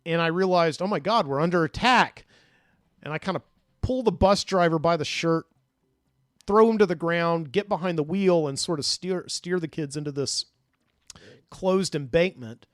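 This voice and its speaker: A man's voice: on the high side, normal speed, no room sound, clean studio sound. A man, a podcast host, casually recounting a dream in a rambling way, full of fillers and restarts.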